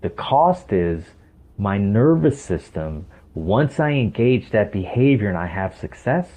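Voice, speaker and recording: A man's voice: lowish voice, very animated, measured pace, dark tone. A man speaking as a podcast guest, explaining emphatically and often asking rhetorical questions. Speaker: podcast guest, stress coach. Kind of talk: explanatory interview talk. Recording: tinny phone-like line.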